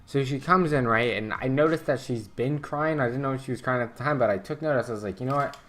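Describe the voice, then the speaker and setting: A young man rambling through a story while he plays, with lots of fillers and false starts. His voice sits at an ordinary middle pitch, and the delivery is loose and offhand. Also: quick pace, a bit bright. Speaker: streamer. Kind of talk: casual storytelling while gaming.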